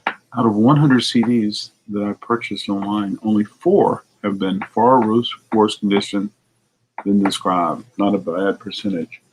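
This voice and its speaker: A man's voice: lowish voice, unhurried, background noise. A man who owns a record store, chatting casually to a video audience while he inspects used CDs, rambling and muttering asides to himself. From United States. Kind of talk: casual vlog talk while sorting CDs. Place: record shop.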